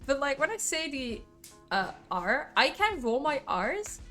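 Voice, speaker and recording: A woman's voice: high voice, very animated, unhurried, bright, forceful tone, soft background music. A woman with an Italian accent, a native Italian speaker, chatting casually with her stream viewers, laughing often and swearing freely. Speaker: livestreamer.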